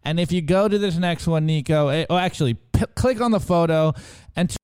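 Hyped guy going thru memes, kinda high voice, smooth and clean. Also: a little fast. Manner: excitable, slangy, directs co-host. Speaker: co-host reviewing memes. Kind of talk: casual show commentary.

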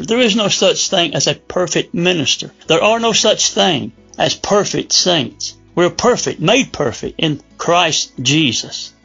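Pastor guy preaching hard, high ringing voice, kinda husky, dull audio. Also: a bit bright. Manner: fervent preaching, reads scripture slowly, rises to urgent appeals. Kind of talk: sermon.

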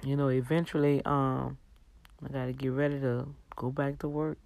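A tired woman hosting a livestream, giving a faith talk with slow, emphatic, exhorting repeats. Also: a bass voice, flat delivery, creaky, darkish tone. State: tired, yawning. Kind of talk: preachy casual livestream talk.

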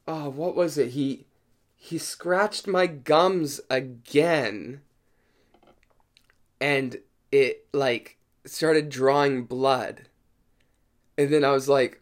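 A young man from Denmark telling a casual, profane story rant, animated and mocking as he talks. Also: medium pitch, measured pace. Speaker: vlogger telling personal stories.

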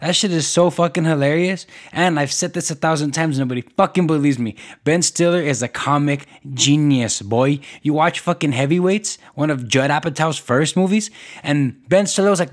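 Rambling, profane young man ranting. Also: fairly high pitch. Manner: profane, rambling, with many restarts and fillers. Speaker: podcast host. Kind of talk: solo podcast rant.

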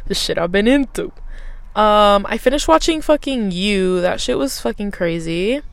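A woman's voice: mid-range voice, expressive, slow pace, gravelly. A woman in her twenties hosting a casual solo podcast, rambling and swearing a lot in an offhand, self-mocking way. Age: 20s. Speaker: podcast host.

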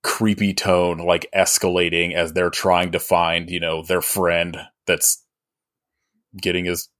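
A man's voice: sits low, level tone, takes it slowly, a bit bright. A man in casual podcast chat about a movie, rambling with many fillers and frequent laughs. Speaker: podcast co-host.

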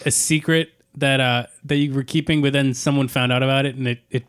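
A man's voice: mid-range voice, steady tone, fairly quick, fairly bright tone, clear, resonant tone. A man co-hosting a casual podcast chat, steering it with questions to the others. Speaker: podcast co-host.

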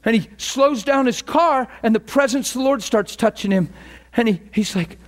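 A man with a high voice preaches in a loose, conversational way. He tells stories, stumbles over repeated words and swells into eager bursts. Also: moderate pace. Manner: storytelling, repeats words, builds to excited peaks. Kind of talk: informal sermon.

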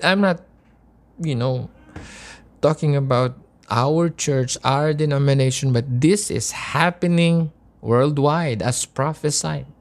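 A woman's voice: low voice, takes it slowly. A woman preaching a sermon, impassioned and emotional, asking repeated rhetorical questions.

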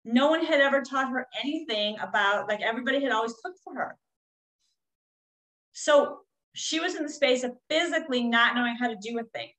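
A woman's voice: sits high, a little fast, fairly bright tone, poor audio. A woman, a coach, telling a personal story in a candid, rambling way with frequent fillers.

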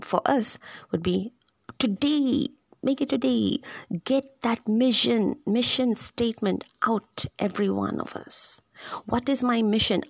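A woman's voice: medium pitch, vocal fry, darkish tone, husky, no room sound. A woman giving an informal, conversational scripture reflection, thinking aloud and repeating words as she goes.

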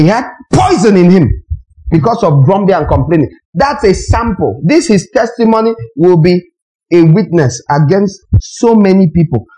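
Animated high-voiced preacher. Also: male voice, poor audio. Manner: animated, emphatic, full of rhetorical questions. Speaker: pastor. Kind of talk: sermon.

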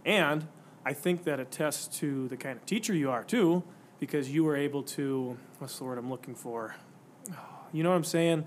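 Male podcast host, casual and easygoing, slightly higher voice, faint room hiss behind. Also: normal speed.

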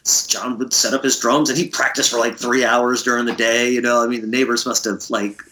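A man's voice: mid-range voice, flat delivery, fairly quick, bright, forceful tone. Laughing, rambling middle-aged man. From Connecticut. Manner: laughs often, profane, rambling anecdotes. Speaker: musician guest. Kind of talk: casual storytelling interview.

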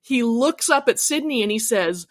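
A woman co-hosting a podcast, telling the episode's story in a casual, expressive, often laughing way. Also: fairly high pitch, normal speed, no room sound, clean studio sound. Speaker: podcast co-host. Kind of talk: casual recap chat.

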